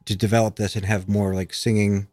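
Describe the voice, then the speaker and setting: A man's voice: lowish voice, level tone, brisk, a little mellow, dry recording, soft background music. A man from the United States, a musician guest in a casual interview, talking with many fillers and restarts.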